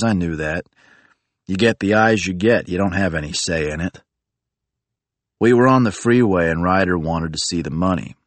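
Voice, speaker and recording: A man narrating a first-person audiobook in a low-key, matter-of-fact way. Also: no echo.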